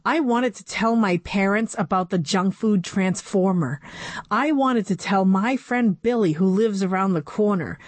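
A woman's voice: medium pitch, measured pace, dry recording. A woman narrating a children's book in a playful first-person storytelling voice. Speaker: audiobook narrator.

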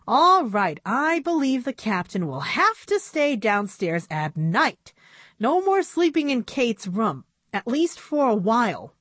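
A stern, sleepy mother from a storybook, firm but lively in pitch. A woman reader voices her. Dry, close sound. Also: slow pace, no echo, full character voice.

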